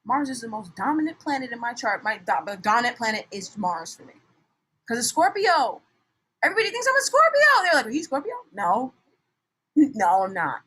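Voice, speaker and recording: A young woman talks through a tarot reading in a loose, animated way. Her voice sits high, dropping to near mutters and then bursting out loud, with frequent laughs and blunt language. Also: moderate pace, husky, rough recording. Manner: animated, swings from soft mutters to shouts, laughs often, swears. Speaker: tarot reader. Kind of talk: casual tarot reading monologue.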